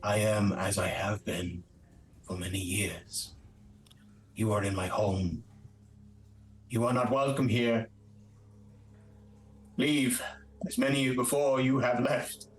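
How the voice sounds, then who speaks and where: A man voicing a cloaked, weeping woman who coldly orders intruders out of her home, speaking slowly and dropping to a whisper. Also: fairly even intonation, echoey room, a little hiss or hum, close to an everyday voice. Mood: menacing. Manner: slow, low and menacing, dropping to a whisper. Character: cloaked weeping woman guarding her lair, cold and hostile.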